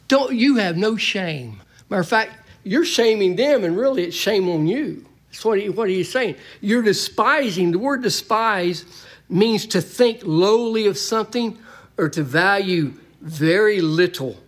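Man, pastor preaching in a church, folksy, bursts of shouting. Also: high voice, lively intonation, a little slow. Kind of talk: sermon. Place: church sanctuary.

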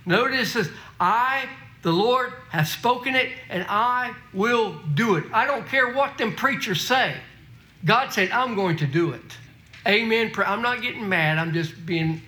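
An emphatic preacher delivers a sermon in a bright, forceful voice. He is folksy and restarts often as he reads scripture aloud. The room is echoey, with faint music behind him. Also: high voice.

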